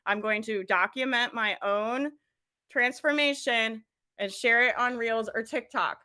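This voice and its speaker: Woman, business coach, motivational talk, bright sharp tone, lively, laughs a lot, speaks directly to listeners. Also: fairly high pitch, a little slow. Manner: energetic, laughs often, addresses listeners directly.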